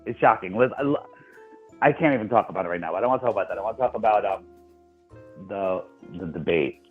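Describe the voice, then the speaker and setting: Guy on a tinny call line telling a story, keeps repeating himself, animated. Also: lowish voice, fast talker, faint music behind. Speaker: guest. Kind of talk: casual chat.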